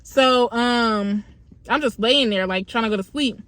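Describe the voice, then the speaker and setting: A woman's voice: a little high, unhurried, fairly bright tone. A young woman telling a story in a casual, slangy, profane, conversational way as a vlogger.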